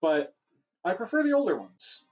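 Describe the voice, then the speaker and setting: A man's voice: sits high, wildly swooping pitch, normal speed, darkish tone, muffled recording. A man hosting a casual livestream Q&A, rambling and correcting himself, his voice getting worn. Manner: rambling, self-correcting, chatty. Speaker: livestream host answering questions.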